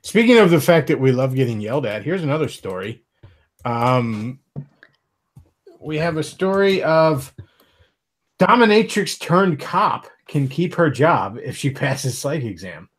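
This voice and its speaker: A man's voice: medium pitch, sing-song, measured pace. An American man hosts a livestream. He reads a news story aloud in a joking, casual way, with laughs slipping in. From United States. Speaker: livestream host.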